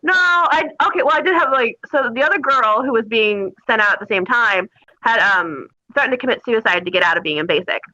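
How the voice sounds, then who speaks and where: A high, bright woman tells her stories with lots of laughter, her pitch swooping freely. The audio is dull and lo-fi. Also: fairly quick. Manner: animated, laughing, mimics people in her stories. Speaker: guest. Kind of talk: casual storytelling.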